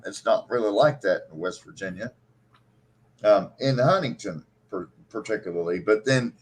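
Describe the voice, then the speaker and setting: A man's voice: sits low, a bit bright. A man from central Kentucky, hosting a casual podcast chat and rambling animatedly through stories and imitated regional words. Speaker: podcast host.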